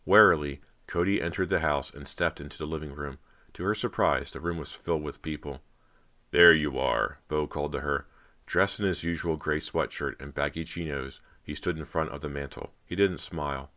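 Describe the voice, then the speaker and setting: A man narrating a horror audiobook in a steady, measured storytelling manner. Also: a bass voice.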